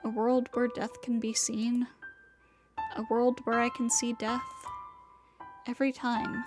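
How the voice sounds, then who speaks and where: A woman streamer reading a visual novel aloud, narrating in a soft, slow, measured way. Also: fairly high pitch, flat delivery, music in the background.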